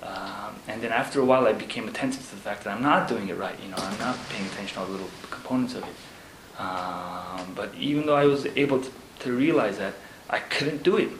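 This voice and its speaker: A man, a Zen monk, talking casually about monastery life, halting with fillers and laughing as he tells stories. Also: fairly low pitch. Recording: echoey room with background noise.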